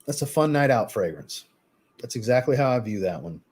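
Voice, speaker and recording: A man hosting a fragrance live stream, reviewing scents in relaxed, chatty talk and answering viewers' chat. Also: mid-range voice, brisk, husky.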